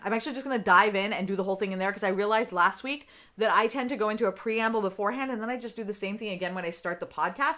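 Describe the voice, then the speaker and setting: A woman's voice: mid-range voice, pushed and bright. A woman business coach chatting live on her podcast to her viewers, often tagging "right?" onto her points. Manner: chatty, keeps asking "right?"; talks straight to her viewers. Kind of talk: live-streamed podcast chat.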